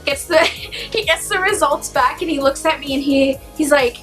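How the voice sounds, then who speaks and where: A young woman tells her own story in a relaxed, casual vlog. Her voice sits high, and she talks in an animated, chatty way with plenty of "like". Soft music plays quietly underneath. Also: normal speed. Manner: chatty, animated, heavy use of "like". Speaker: vlogger.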